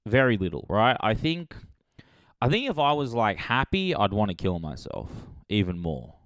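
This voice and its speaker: Rambling sarcastic comedian, low and crisp. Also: male voice, normal speed, no echo, studio quality. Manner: rambling, sarcastic, deadpan with sudden loud jumps. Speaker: podcast host, comedian. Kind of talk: comedic monologue, satirical movie pitch.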